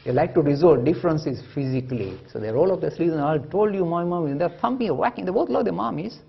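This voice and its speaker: A man giving an animated public lecture, telling stories and acting out the voices of the people in them. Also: a little high, quick pace, vocal fry, slightly rough, dull audio. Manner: lively storytelling, acting out quoted voices. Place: lecture hall.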